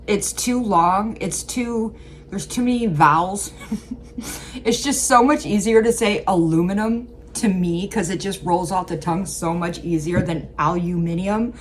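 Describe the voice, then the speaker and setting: An American woman hosting a reaction video, talking casually and wandering through her thoughts with plenty of fillers. Her voice sits fairly low for a woman, and a faint hiss runs underneath. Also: a little slow. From Illinois, USA. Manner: rambling, full of fillers. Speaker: reaction channel host. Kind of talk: casual chat.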